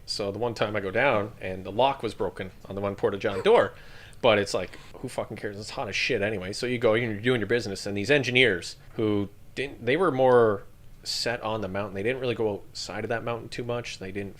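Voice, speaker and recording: A man's voice: on the low side, a little fast. A man, a retired army infantry veteran, telling stories on a podcast with lots of swearing and laughter. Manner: profane, laughing and animated while telling stories. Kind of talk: casual storytelling.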